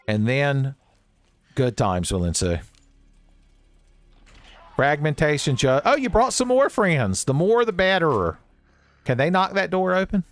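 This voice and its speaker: A man with a drawl doing playful, jokey commentary over a horror game, swinging from low mutters to high excited yelps. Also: clear, resonant tone. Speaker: let's play host.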